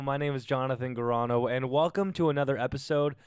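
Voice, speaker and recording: A man hosts a podcast from his home garage, talking with hyped, playful energy. His voice is smooth and resonant. The sound is dry and close, with no room echo. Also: mid-range voice, a little fast. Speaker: podcast host. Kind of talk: solo podcast intro. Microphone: studio microphone through a mixer.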